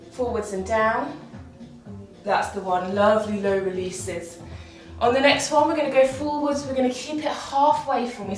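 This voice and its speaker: A woman leading a guided workout class, encouraging and counting reps aloud, a little out of breath. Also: on the high side. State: slightly out of breath. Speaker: fitness instructor. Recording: roomy, from far off, faint music.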